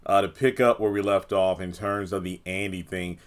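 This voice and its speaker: A man's voice: low voice, little pitch movement, normal speed. Exasperated man ranting about a TV episode. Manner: exasperated, rambling, acts out characters' lines. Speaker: TV review channel host. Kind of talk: casual solo review talk.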